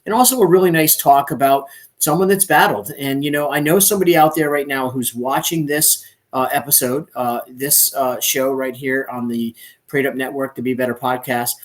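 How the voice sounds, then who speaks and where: A man's voice: medium pitch, steady tone, normal speed. A man hosting a podcast over a recorded online call, an earnest and encouraging life coach who reassures listeners.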